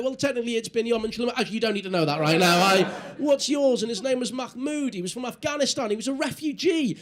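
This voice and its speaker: A male comedian performing live stand-up with a high, gravelly voice. He tells his story animatedly, acting out his own inner voices and chatting with people in the crowd. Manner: animated, acts out inner voices, audience asides. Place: live comedy venue before an audience.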